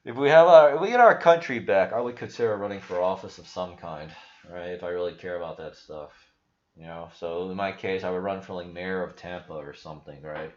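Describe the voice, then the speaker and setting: A man hosting a crypto channel rambles through a casual livestream, his profane talk full of restarts. He speaks briskly in a low pitch. The recording sounds roomy and slightly dull.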